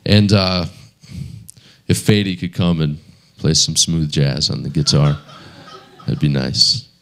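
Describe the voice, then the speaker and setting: A man's voice: a bass voice, slow pace, vocal fry, a bit bright. A man preaching a sermon in a conversational storytelling manner. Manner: conversational storytelling with many fillers.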